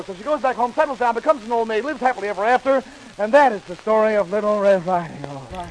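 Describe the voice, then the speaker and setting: Breakneck high-voiced comic storyteller. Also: male voice, expressive, fast talker, poor audio. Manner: breakneck patter, shouted voices for each character. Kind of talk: rapid-fire comic fairy tale narration. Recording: hissy vintage record.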